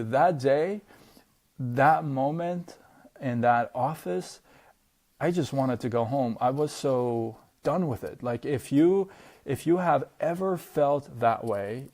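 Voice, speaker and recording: Man, gravelly voice, casual storytelling vlog, chatty, lots of fillers. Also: medium pitch, a little mellow. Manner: loose, chatty, fillers and tag questions. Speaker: vlogger. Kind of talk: personal storytelling to camera.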